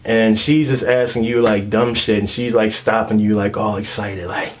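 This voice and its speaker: A man's voice: lowish voice, steady tone, moderate pace, few pauses. Crude slangy young man ranting. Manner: crude, filler-heavy, streetwise slang. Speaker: comedian. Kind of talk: comedic monologue rant.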